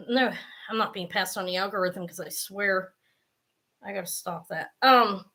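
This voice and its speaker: A middle-aged woman hosting a live jewelry sale, chatty and self-mocking, swearing freely and breaking into loud laughter. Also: mid-range voice, a little slow. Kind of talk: casual live-stream selling.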